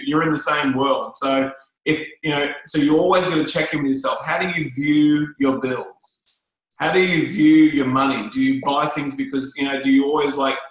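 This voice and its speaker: A man coaching a group in a casual, rambling way, circling back and repeating himself. His voice rings out in a very echoey room. The pitch sits mid-range for a man. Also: fairly bright tone. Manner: casual, repetitive, many fillers and restarts. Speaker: network marketing trainer. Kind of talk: motivational talk to a group.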